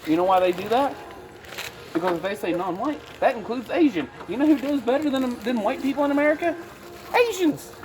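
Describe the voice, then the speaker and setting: A man's voice: extremely high pitch, lively intonation, fairly quick. A man ranting and mocking in a comic vlog while shopping in a store. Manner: ranting, mocking, jumps into impressions. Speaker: vlogger. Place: store aisle. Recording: noisy store background.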